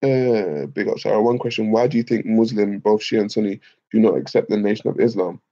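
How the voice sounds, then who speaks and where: A man's voice: on the low side, a little fast, mellow, muffled recording. A man with a Liverpool accent hosting a casual livestream, answering chat messages in a slangy, emphatic way and calling people bro and man. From England. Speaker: live stream host reading chat.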